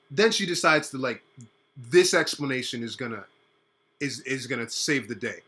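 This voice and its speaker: Animated young man telling a story. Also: medium pitch, normal speed, husky. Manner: animated, lots of "like" fillers. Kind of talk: casual personal storytelling.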